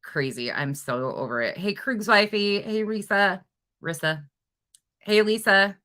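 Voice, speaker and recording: This woman runs a true crime livestream, talking in a relaxed way and voicing viewers' comments energetically and expressively. She speaks a little slowly in a mid-range voice.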